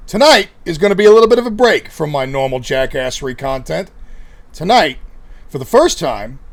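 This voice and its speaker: A male streamer and game master who yells and swears excitedly at video games. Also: on the high side. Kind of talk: streamer commentary.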